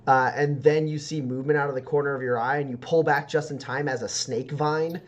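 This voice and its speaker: Male game master, mid-pitched, loose, rambling scene narration. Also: fairly even intonation, brisk, lo-fi sound. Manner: rambling, filler-heavy description.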